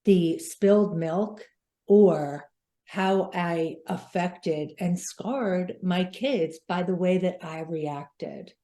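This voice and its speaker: A woman co-hosting a podcast, agreeing emphatically in relaxed, reflective conversation. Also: lowish voice, drawn-out words. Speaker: podcast co-host. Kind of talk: reflective casual chat.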